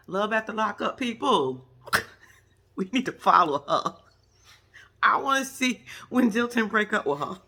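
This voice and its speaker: Sassy animated woman recapping reality TV. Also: medium pitch, unhurried, long pauses, slightly rough. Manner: sassy, animated storytelling with acted-out quotes and laughs. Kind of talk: casual reality show recap.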